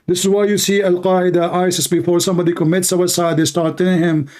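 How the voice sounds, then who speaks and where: A man's voice: high-pitched, flat delivery, quick pace, darkish tone. A man whose first language is Arabic hosts a live-stream debate in English. He is blunt and mocking and keeps repeating his questions. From Middle East.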